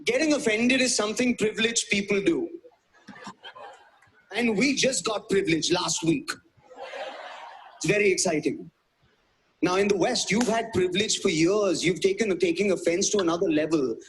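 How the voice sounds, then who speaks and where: A man's voice: high-pitched, moderate pace, pauses often, slight background noise. A man from India with an Indian English accent, performing a wry, self-mocking stand-up routine on stage before a live audience. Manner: wry, self-mocking, punchy delivery with put-on voices. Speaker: stand-up comedian.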